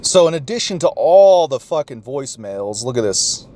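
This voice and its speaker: A man's voice: medium pitch, big pitch swings, normal speed, dark tone. A man vlogger telling a story in a profane, rambling rant. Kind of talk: ranting recount.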